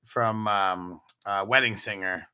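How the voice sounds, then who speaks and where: A man's voice: fairly low pitch, fairly even intonation, slow pace, bright, forceful tone, clean tone. Laid-back, laughing man reading chat. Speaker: podcast co-host reading viewer comments. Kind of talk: casual late-night fantasy football chat.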